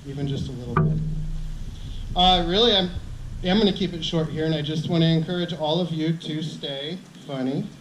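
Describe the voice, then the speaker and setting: A man teacher giving earnest graduation advice, halting and restarting as he speaks. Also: on the high side. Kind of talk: graduation speech. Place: outdoor ceremony with crowd. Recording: echoey outdoor sound with background noise.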